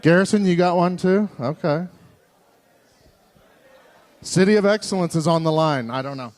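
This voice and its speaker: High-voiced man teasing a crowd. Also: normal speed, a little mellow. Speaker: assembly emcee. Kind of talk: joking crowd banter.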